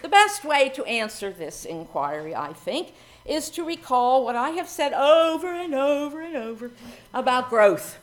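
A middle-aged woman minister giving a reflective sermon with expressive, varied emphasis. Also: sits high, a little slow.

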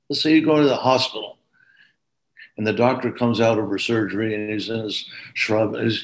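A man's voice: mid-range voice, rough recording. Earnest man giving a police training talk. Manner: earnest, emphatic repetition. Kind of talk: training lecture.

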